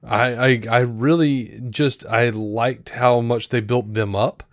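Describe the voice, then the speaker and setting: Speaking slowly at an average male pitch, a podcast co-host chats loosely, captured close with no room sound. He meanders through fillers and restarts, acting out quotes with energy as he retells scenes.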